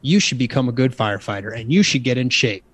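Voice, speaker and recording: A man's voice: mid-range voice, expressive, quick pace, a bit bright. A man guesting on a podcast interview, talking about his book in a casual, motivational way that turns preachy when he gets going. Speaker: guest author.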